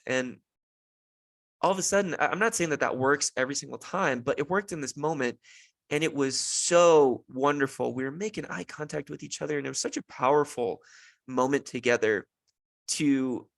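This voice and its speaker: A man's voice: medium pitch, gravelly, a bit bright, dry recording, clean studio sound. A young man hosting a solo podcast about fatherhood, talking earnestly and thoughtfully with many "you know" fillers. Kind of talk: reflective solo podcast monologue.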